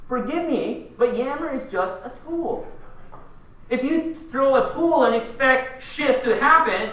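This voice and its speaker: A man's voice: very high voice, expressive, measured pace, fairly bright tone, distant mic, a little hiss or hum. A man from the Philippines giving a punchy conference keynote, firing rhetorical questions at the audience. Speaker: keynote speaker. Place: large conference hall. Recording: echoey hall, voice from afar.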